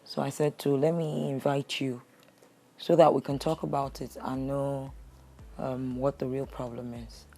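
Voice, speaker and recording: A woman hosting a counseling show, calm, measured and soothing. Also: very deep voice. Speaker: relationship counselor host.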